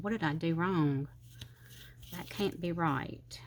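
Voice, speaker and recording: She speaks slowly at a fairly low pitch, with a little hiss or hum in the audio. The middle-aged Southern US woman behind this planner channel chats and rambles casually as she decorates her planner in a crafting vlog, slightly slurring and sometimes counting under her breath.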